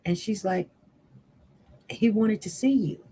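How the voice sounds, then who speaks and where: A woman's voice: medium pitch, slow pace, husky. Woman rambling thru a storytime to her viewers, does everyone's voices. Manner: chatty, animated retelling with quoted voices. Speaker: channel host.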